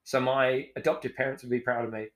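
A man's voice: medium pitch, flat delivery, fast, a crowd in the background. A man in his forties, a chef and podcast guest, telling his story frankly and emotionally, swearing freely and acting out old conversations.

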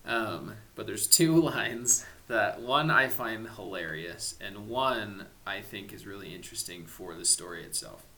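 A man's voice: on the low side, a little slow, few pauses, bright, forceful tone, poor audio. A man hosting a casual podcast chat, leading the discussion and poking fun at himself. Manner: self-deprecating, leads the discussion. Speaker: podcast host.

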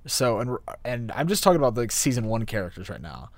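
Young man, mid pitch, easygoing, hesitant, dry close recording. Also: very animated, quick pace, dry recording. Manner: easygoing, hesitant, many fillers. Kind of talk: casual anime review chat.

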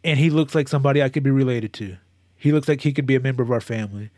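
A man chatting casually as a co-host, telling a long, animated story with many restarts and moments of emotion. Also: medium pitch, rapid-fire, dry recording, studio quality. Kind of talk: casual chat.

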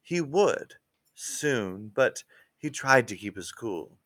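A man narrating a mystery story in an unhurried, expressive way. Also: medium pitch, no echo.

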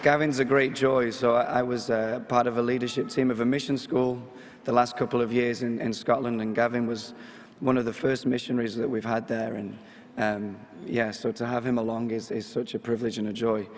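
A man from England with a Manchester accent, a missionary speaking at a parish mission, his voice hoarse from a recent illness, joking as he preaches. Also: mid-range voice, flat delivery, fairly quick, in a large hall, slight background noise. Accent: Mancunian English. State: hoarse, getting over illness. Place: church.

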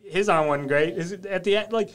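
Sex: man. Quality: smooth voice. Role: laid-back podcast host. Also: high-pitched, fairly quick. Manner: laid-back, rambling, with filler words. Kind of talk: casual interview chat. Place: podcast studio.

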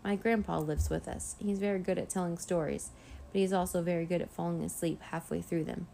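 A woman's voice: lowish voice, steady tone, fairly quick, creaky, warm tone, a little hiss or hum. A woman reading as an awkward boy vampire. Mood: nervous. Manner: hesitant, stammering. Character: young boy vampire, awkward and eager to fit in. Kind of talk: storybook read-aloud.

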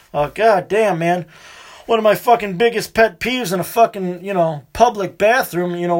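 A man hosting his own show, rambling through a crude monologue and swearing constantly. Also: sits high. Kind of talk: profane casual monologue.

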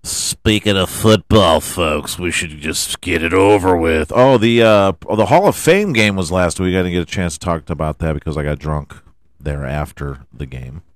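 A man's voice: low voice, normal speed, no echo, clean studio sound. A man hosting a podcast, giving rambling, profane, joking commentary on his own. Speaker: podcast host. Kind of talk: casual solo commentary.

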